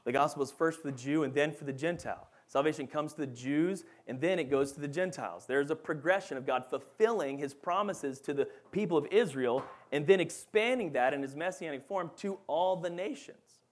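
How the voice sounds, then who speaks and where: Animated man teaching scripture. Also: a little high, a little fast, hardly any pauses. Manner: animated, acts out quoted voices, frequent "right?" and "okay?". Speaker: Bible teacher. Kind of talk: conversational Bible teaching.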